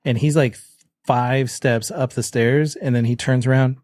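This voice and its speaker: A man's voice: medium pitch, fairly even intonation, normal speed, darkish tone, dry recording, clean studio sound. Man running a tabletop game. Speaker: game master.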